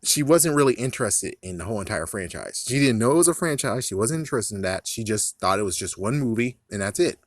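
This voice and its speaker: A man's voice: on the low side, animated, quick pace, few pauses, no room sound, studio quality. A man in casual movie commentary, rambling, swearing and laughing at his own jokes. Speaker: vlogger.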